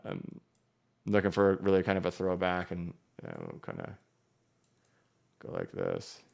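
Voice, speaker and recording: A man's voice: deep voice, very animated, unhurried, gravelly, darkish tone. A man in his thirties hosting a casual live stream, chatty and joking as he reads viewer comments and walks through charts. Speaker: crypto livestream host.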